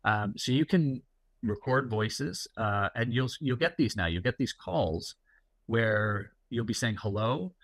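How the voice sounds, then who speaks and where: A man's voice: mid-range voice, animated, measured pace, a bit bright, dry recording. A middle-aged man, a guest security executive, talking casually and explaining at length with many fillers and anecdotes. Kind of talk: casual interview talk.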